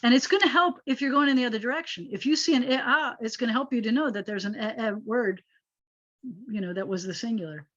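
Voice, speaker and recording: Woman teacher, higher voice, patient and explanatory, muffled lo-fi video-call sound. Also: quick pace. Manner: patient, explanatory, animated when making a point. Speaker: rabbi teaching Hebrew. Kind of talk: online class teaching. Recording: dull lo-fi video call audio.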